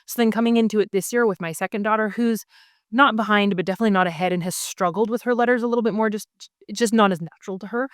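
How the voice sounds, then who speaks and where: Woman, 30s, homeschooling mother, casual explanatory talk, enthusiastic, lots of ums, crisp voice, dry sound. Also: mid-range voice, quick pace, no room sound. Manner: friendly, enthusiastic, explains step by step with many ums. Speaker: homeschooling mother sharing curriculum picks.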